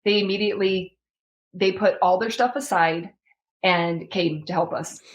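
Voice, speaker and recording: A woman's voice: mid-range voice, measured pace, low-quality recording. Earnest woman telling her story. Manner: earnest, many fillers and restarts, acts out quotes. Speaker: podcast guest. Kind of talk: emotional personal storytelling.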